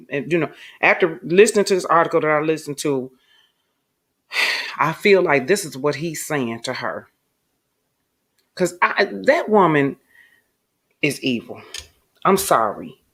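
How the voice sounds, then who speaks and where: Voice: mid-range voice, a bit bright. A host doing late-night live-stream commentary, chatty and emphatic, greeting viewers and swearing when heated. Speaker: online commentator and channel host.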